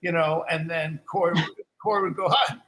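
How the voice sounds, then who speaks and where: An older man tells stories in a loose, rambling way during a live Q&A, doubling back and restarting his sentences. His voice is high for a man and sharply bright. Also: fairly even intonation, moderate pace, low-quality recording. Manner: rambling, restarts often, acts out quoted lines. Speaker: guest musician. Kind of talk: casual storytelling in a live Q&A.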